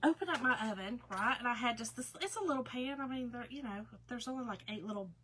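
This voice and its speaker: Woman, chatty livestream crafter, bright voice, slightly high, faint background hum. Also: lively intonation, fast, poor audio. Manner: chatty, folksy, reads out viewer names. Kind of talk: casual livestream chat while crafting.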